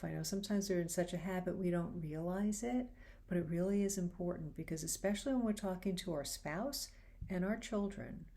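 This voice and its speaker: A woman with a slightly low voice hosts a faith-based advice show. She talks in a relaxed, chatty way and slips into acted-out lines with lively changes of tone. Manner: animated, acts out quoted lines. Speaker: host. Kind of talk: casual advice talk.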